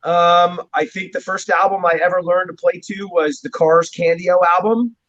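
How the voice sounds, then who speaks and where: A drummer from New Jersey, USA, appears as a guest in a casual interview, rambling through stories and chuckling often. His voice is high and a little bright, with fairly even intonation at a normal pace. The recording sounds dull and muffled, with a lo-fi quality.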